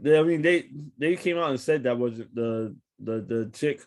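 A man's voice: medium pitch, a little mellow. Wry teasing man in casual chat. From West Indian family. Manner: wry, teasing, drawn-out hesitant musing. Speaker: podcast co-host.

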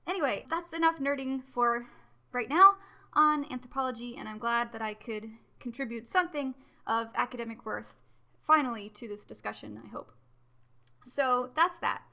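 Bright-voiced, excitable woman podcast host. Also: fairly high pitch, moderate pace. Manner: animated, excitable and self-mocking about being a nerd. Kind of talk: enthusiastic casual podcast talk.

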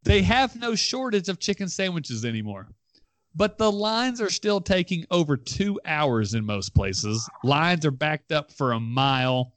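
A man's voice: on the high side, very animated, a little slow, dry recording. A man hosting a casual talk show, steering the segment and teasing his co-hosts. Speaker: host. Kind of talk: casual radio chat.

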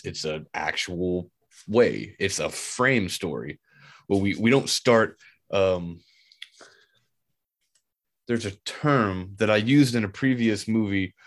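A man co-hosting a podcast, talking about a film in a casual, animated way with frequent restarts. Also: on the low side. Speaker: podcast co-host.

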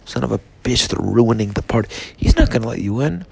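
Drunk high guy going off on a rant, swears a lot, gravelly voice, wanders all over. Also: animated, a little fast, a little mellow. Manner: profane, meandering, mock-serious. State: intoxicated. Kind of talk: rambling comedic rant.

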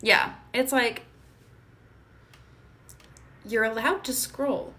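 A woman's voice: a little high, steady tone, very slow, sharp tone. Young woman, podcast co-host, blunt and opinionated, casual chat, laughs between remarks.

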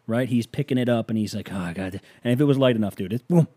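Rambling man with a mellow voice. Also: medium pitch, rapid-fire, dry recording, studio quality. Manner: rambling, self-mocking jokes. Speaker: podcast host. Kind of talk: casual solo monologue.

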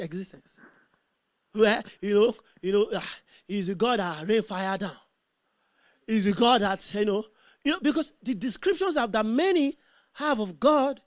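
A man preaching a sermon, emphatic and repetitive, swinging between loud calls and quiet asides. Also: very high-pitched, dry recording, studio quality.

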